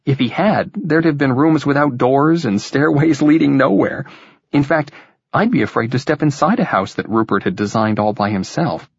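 Male narrator as a sharp young wife, pitched up, husky, dull lo-fi sound. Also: moderate pace, no echo. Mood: wry. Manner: pointed, lightly sarcastic. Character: sharp-tongued young woman, wary and jealous.

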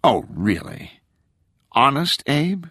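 A man's voice: mid-range voice, sing-song, slow pace, pushed and bright, breathy edge, dry recording, studio quality, pitched above the performer's own voice, full character voice. A man doing a wry, sarcastic young woman. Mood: wry teasing. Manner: sarcastic, exasperated.

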